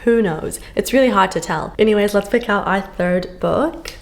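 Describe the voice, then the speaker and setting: A woman's voice: mid-range voice, normal speed, gravelly, slight background noise. A woman book vlogger chatting casually to camera, gushing and full of fillers, filmed at home on a camera on a stand.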